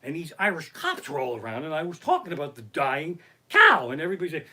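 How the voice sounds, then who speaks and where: Brief: high, bright-voiced man doing stand-up stories at home, swearing freely, very animated. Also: quick pace. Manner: profane, animated anecdotes. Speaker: comedian. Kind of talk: stand-up storytelling on a live stream. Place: his living room. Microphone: basic home setup.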